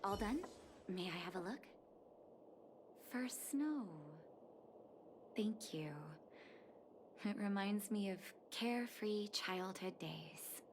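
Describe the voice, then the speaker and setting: An actress voicing an earnest, caring young woman doctor in a video game, speaking softly and sincerely. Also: medium pitch, animated, slow, long pauses, noisy background. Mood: fond. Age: young adult. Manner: soft, sincere, emotional. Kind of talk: game voice acting. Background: game music.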